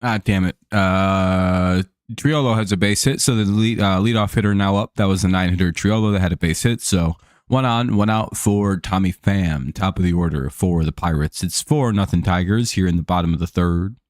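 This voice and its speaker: A man's voice: low voice, moderate pace, no echo, studio quality. A man hosting a live stream, casually commenting on a baseball game, rambling with many fillers and restarts and frequent chuckles.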